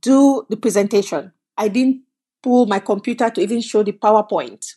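Animated woman telling her story. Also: medium pitch, moderate pace, husky. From Cameroon. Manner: animated storyteller, acts out quoted voices. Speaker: guest, food company founder. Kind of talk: interview storytelling.

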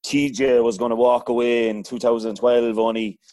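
Male podcast host, laid-back questions, warm mellow tone. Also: mid-range voice, level tone, moderate pace. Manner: informal, hedging with many fillers. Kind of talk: casual chat.

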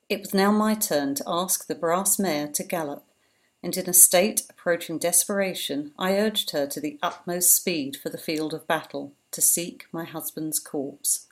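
A woman reading a memoir aloud with impassioned, anguished feeling. Her voice is fairly low. She tells the story as a dramatic first-person reading.

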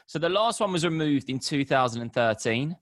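A man hosting a casual podcast, telling stories in an animated way. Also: on the high side, brisk, no room sound, clean studio sound. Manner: animated, storytelling. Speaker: podcast host.

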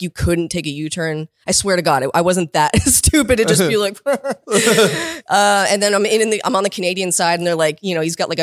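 A woman's voice: on the low side, no room sound, clean studio sound. Woman telling a story, laughing often. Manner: swears freely; acts out other people's lines in quotes. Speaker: podcast guest. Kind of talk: casual storytelling chat.

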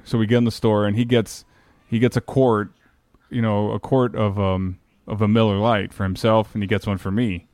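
A low-voiced man in his thirties spins a long, rambling anecdote, swearing freely and laughing at himself as he goes. The sound is dry and close, with no room around it. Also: a little fast, darkish tone, no room sound. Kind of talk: casual chat.

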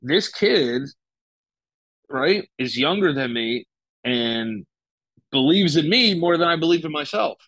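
A man's voice: fairly high pitch, lively intonation, slow, pauses often, fairly bright tone, no echo, rough recording. Young man telling a loose story. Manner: loose, profane, lots of fillers and restarts. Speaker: guest. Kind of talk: casual storytelling.

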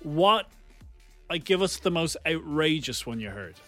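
A man's voice: fairly high pitch, very animated, unhurried, a bit bright, faint music behind. A man co-hosting a radio podcast, teasing his partner and pressing with questions. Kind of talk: casual radio chat.

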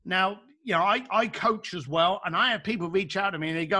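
This coach has a high-sitting voice and talks fast with barely any pauses. In casual conversation he's lively and forceful, playing out mini dialogues as he argues his points.

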